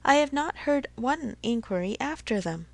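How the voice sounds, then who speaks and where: A woman reading the part of a clever young woman who briskly and tactfully steers the talk. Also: high voice, animated, no room sound, pitched above the performer's own voice. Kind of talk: audiobook character reading.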